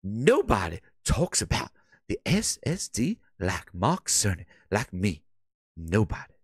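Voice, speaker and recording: A man doing a comic impression of a famous console architect: a low, muttering voice, indignant and swearing. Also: huge pitch swings, measured pace, slightly rough, dry recording, studio quality, full character voice. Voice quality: low, muttering, mumbled under the breath.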